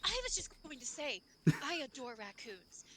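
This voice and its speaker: A soft-spoken, fussy male blacksmith voiced by a woman murmurs and hums to himself in a tabletop game. The voice is bright and sits fairly high, with lively swings in pitch. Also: normal speed, slight background noise, exaggerated voice. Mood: doting.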